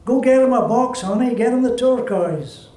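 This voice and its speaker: Read aloud as a storybook figure, a man doing a folksy old grandmother who plays accordion, teasing and bossy, pitched well above his own voice and pushed out with extra force. It carries the roomy, distant sound of a live reading in a hall. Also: animated, normal speed, warm tone, lightly acted. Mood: commanding. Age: older.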